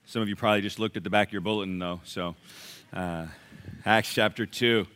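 A middle-aged male pastor preaching a sermon in a church, animated and conversational, quizzing the congregation. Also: on the low side, brisk, smooth. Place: church sanctuary.

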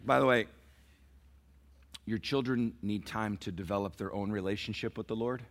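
Middle-aged pastor preaching dramatically. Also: male voice, lowish voice, normal speed. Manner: swings from soft, near-whispered lines to loud emphatic peaks; acts out quoted dialogue in a storytelling sermon. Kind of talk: sermon.

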